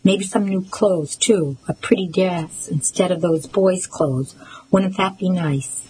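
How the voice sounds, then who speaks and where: A woman reading the part of a gruff, menacing old man buying horses, in a smooth, coaxing manner. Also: on the low side, takes it slowly, a little mellow, a little hiss or hum, rough recording.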